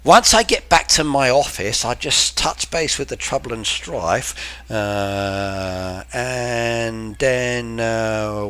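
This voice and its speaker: A man's voice: medium pitch, a bit bright, clean tone. An English man streaming a game and chatting casually, explaining slang to his viewers like the teacher he is. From England. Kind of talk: casual live-stream chat.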